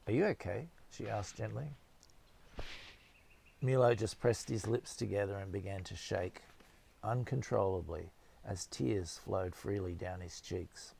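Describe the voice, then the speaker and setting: A man narrating a novel as an audiobook in a steady, measured storytelling manner. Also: low-pitched, vocal fry, a little hiss or hum.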